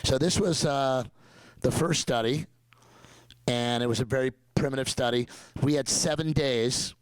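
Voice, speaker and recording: Energetic older man telling stories. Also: medium pitch, moderate pace, clear, resonant tone, no echo, rough recording. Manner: energetic, digressive, slips into mock accents for quotes. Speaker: dentist guest. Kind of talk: enthusiastic conversational storytelling.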